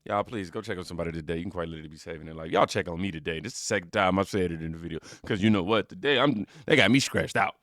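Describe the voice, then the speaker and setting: A man's voice: sits low, very fast, few pauses, a bit bright, dry recording, clean studio sound. A man hosting a reaction channel, chatting in a rambling, casual way straight to his viewers. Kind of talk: casual commentary.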